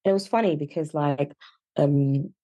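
Woman, Yorkshire accent, podcast co-host, low pitch, mellow tone. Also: measured pace, dry recording. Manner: earnest, discursive, animated when riled. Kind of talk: casual chat.

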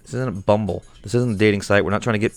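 A man with a low-pitched voice rants through an improvised comedy bit. He sounds exasperated and irritable, and he swears freely. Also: steady tone, very fast, soft background music. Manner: exasperated, profane and ranting.

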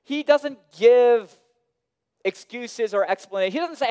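A man preaching a sermon as pastor, swinging between hushed, quiet phrases and sudden raised, emphatic lines. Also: very high voice, moderate pace, clear, resonant tone. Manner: dynamic preaching, dropping soft and rising loud. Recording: long reverb of a large hall.

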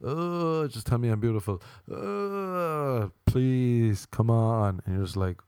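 A man telling crude, deadpan stand-up stories, acting out the quoted lines. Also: mid-range voice, slow, clean tone, dry recording. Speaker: comedian. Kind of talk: stand-up storytelling.

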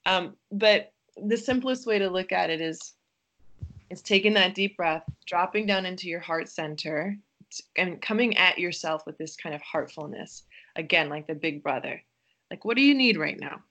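A woman with a slightly low voice speaks as a podcast guest. She is gentle and reflective, and she often pauses and hesitates as she works out her thoughts.

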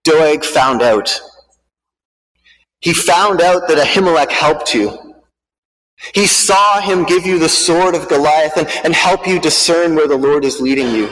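Preacher doing a breathless, frightened priest; urgent, grieving; slightly high voice; big reverberant hall. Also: male voice, a little slow, fairly bright tone. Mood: shaken. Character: frightened, breathless male priest fleeing a massacre.

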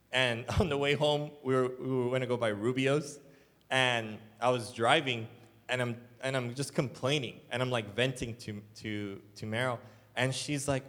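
With a medium-pitched, slightly bright voice, this young man, a church elder, preaches in a relaxed storytelling style full of "like"s and fillers. The long reverb of the church hall trails behind his words.

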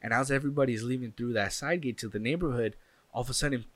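A young man tells a personal story in a casual, animated way, slipping into the voices of the people involved and adding sound effects. His voice is bright and forward. The recording is dry and close. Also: mid-range voice, fast, dry recording.

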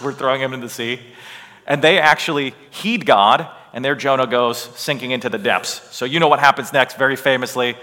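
Emphatic male Bible teacher, bright voice. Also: mid-range voice, long reverb tail. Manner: animated, emphatic, asks rhetorical "right?". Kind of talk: lecture with slides.

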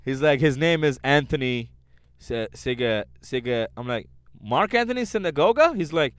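A man's voice: mid-range voice, lively intonation, normal speed, smooth, no room sound. A young man from Canada co-hosting a comedy podcast from a car, telling rambling stories and laughing often. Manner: storytelling, laughing often, exasperated. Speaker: podcast co-host. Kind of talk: casual comedic banter.

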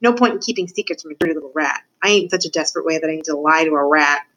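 A woman voicing a gruff, rough-spoken male prisoner in a read-aloud storybook. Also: low voice, very fast, a bit bright, low-quality recording. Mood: remorseful.

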